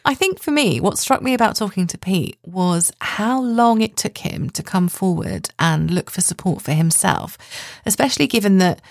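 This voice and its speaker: Woman podcast co-host, gravelly low voice, dry close sound. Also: lively intonation, moderate pace, few pauses, no echo. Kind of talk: reflective podcast chat.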